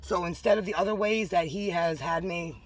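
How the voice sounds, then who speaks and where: A woman, rambling emotionally about her faith from inside a parked car, mixing loud bursts with hushed asides. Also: lowish voice, normal speed. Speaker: religious vlogger. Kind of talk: casual spiritual testimony to camera.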